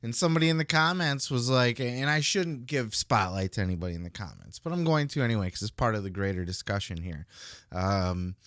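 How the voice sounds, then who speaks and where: Bright, clear man, heated and profane. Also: fairly low pitch, brisk, dry recording, clean studio sound. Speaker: podcast host. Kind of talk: podcast commentary rant.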